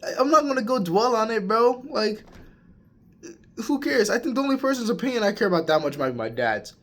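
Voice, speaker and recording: Talking to camera, a young man in college rambles through a casual rant, restarting often and saying "bro" to the listener. His high-pitched voice swings widely in pitch, and he speaks briskly.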